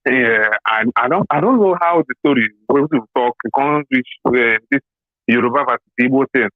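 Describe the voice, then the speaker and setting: Nigerian male caller, phone line, mid pitch, halting delivery. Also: dry recording. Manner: halting, many restarts, pidgin asides. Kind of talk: phone-in opinion call. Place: on a phone call from abroad.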